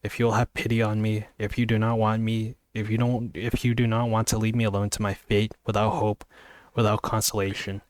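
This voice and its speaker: A man voicing an emotional young woman in love, reading in an earnest, halting way from a novel. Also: fairly low pitch, flat delivery, no room sound, natural voice. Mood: pleading. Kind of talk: amateur book reading.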